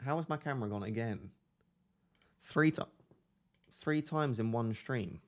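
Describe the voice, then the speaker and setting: A man with a nasal voice chatting loosely through a desk microphone during a live stream. He sits at an ordinary middle pitch and hops from joke to joke. His tone is relaxed and playful as he talks to his chat. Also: unhurried. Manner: chatty, jokey, drifts between topics. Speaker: fantasy football live streamer. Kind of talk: casual live stream, reading chat aloud.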